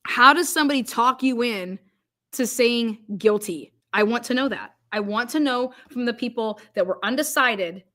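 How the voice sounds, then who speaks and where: A woman streamer from Ohio talks straight to her viewers in an angry, profane rant. She keeps breaking off and restarting her sentences, then slips into reading out comments. Her voice sits somewhat high for a woman. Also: moderate pace, pushed and bright. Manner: reads viewer comments aloud. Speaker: livestream host.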